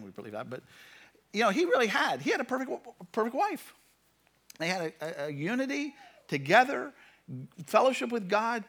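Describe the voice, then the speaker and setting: A man preaching a sermon as pastor, reading scripture and talking to his congregation with animated, shifting emphasis. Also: a little high.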